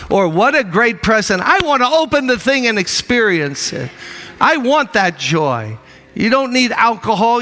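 A man's voice: very high-pitched, pushed and bright, long reverb tail. A male minister preaching a sermon in church, emphatic and urging the congregation with repeated calls and refrains.

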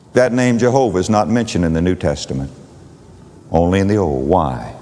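A man preaching a sermon with a dramatic cadence, repeating phrases and swinging from booming to hushed. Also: fairly quick. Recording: long hall reverb.

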